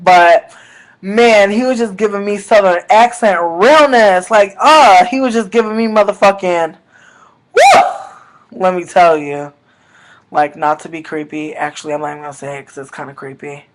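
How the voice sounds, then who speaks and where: A man with a high voice and tells a rambling story straight to his viewers. He talks casually and profanely, with animated loud bursts that drop into low mutters. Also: low-quality recording. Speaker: vlogger.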